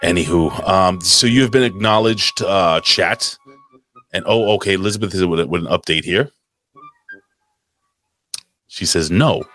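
A man's voice: low voice, measured pace, pauses often, a bit bright, soft background music. A man co-hosting a live podcast, bantering loosely and swearing while reading out chat names. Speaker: podcast co-host.

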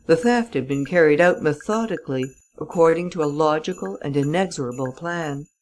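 A woman narrating a classic story as an audiobook reader, in a measured, even manner. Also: low-pitched, rough recording. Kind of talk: scripted narration of a classic novel.

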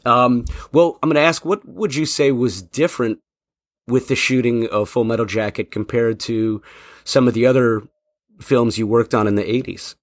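A man hosting an interview who asks long, halting questions full of fillers. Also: medium pitch, no echo, clean studio sound. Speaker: podcast host.

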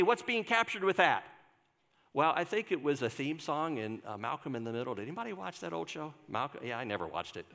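A man's voice: mid-range voice, bright, forceful tone, in a large hall. An older man, a pastor, giving a conversational sermon and asking the congregation questions. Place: church sanctuary.

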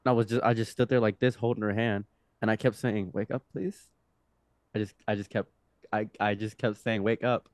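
A young man telling a wild personal story on a podcast. He is animated and laughs often, dropping low and then jumping up loud. The sound is dry and close. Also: brisk, dry recording. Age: young adult. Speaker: podcast guest. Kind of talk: casual storytelling.

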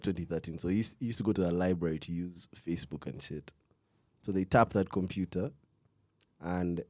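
A young man tells a true crime story in a loose, rambling way, full of slang and restarts. His voice sits low and sounds dark and mellow. It is picked up dry and close, and he stops to cough now and then. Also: no echo. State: coughing fits. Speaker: podcast co-host telling a true crime story. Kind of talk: casual chat.

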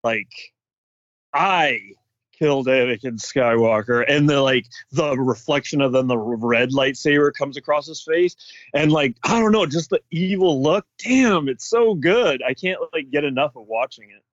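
A man co-hosting a casual fan chat, excitedly retelling scenes with lots of "like". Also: a little high, moderate pace, no room sound. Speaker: podcast co-host. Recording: dull dry sound.

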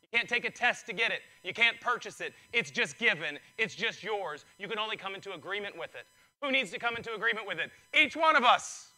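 A male pastor preaching a sermon, excitable and building in intensity, his voice strained from preaching. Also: high voice, brisk, rough recording.

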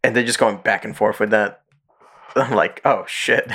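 A man co-hosting a casual podcast, retelling stories and jumping into high voices when he quotes people. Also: moderate pace. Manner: animated storyteller, jumps into high voices for quoted characters. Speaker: podcast co-host.

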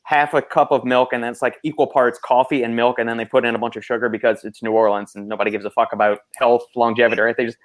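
A man hosting a casual podcast, talking at a quick clip. He rambles freely, full of you-knows and restarts. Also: mid-range voice, flat delivery. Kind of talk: casual chat.

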